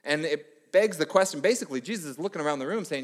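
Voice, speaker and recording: A man preaching in a church, his voice sitting a little high for a man and trailing a long reverb through the hall. He tells stories with energy and slips into the voices of the people he quotes. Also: fast. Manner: animated storytelling, acting out quoted voices. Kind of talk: sermon.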